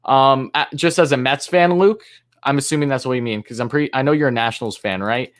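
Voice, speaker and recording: A man with a medium-pitched voice talks fairly quickly while hosting a live fan stream. He calls plays like an announcer, then gives casual, hesitant answers to chat in between.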